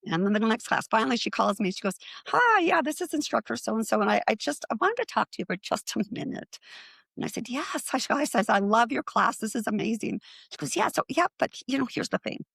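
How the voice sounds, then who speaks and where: A middle-aged woman, a guest on a podcast, telling animated stories and acting out the quoted lines. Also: fairly high pitch, fast talker, vocal fry, breathy edge, no room sound. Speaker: guest, psychic medium. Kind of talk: storytelling in a podcast interview.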